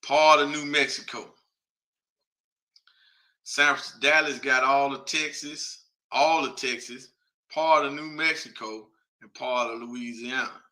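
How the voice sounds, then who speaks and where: Bright-voiced man thinking aloud on air. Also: mid-range voice. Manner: thinks aloud while reading a list off a map; speaks directly to viewers, chatty and informal. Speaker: host. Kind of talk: casual broadcast commentary.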